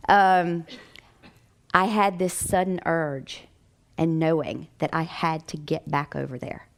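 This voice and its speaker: An American woman, a chiropractic doctor, telling a personal story in a lively way with frequent laughter. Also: deep voice, slow pace.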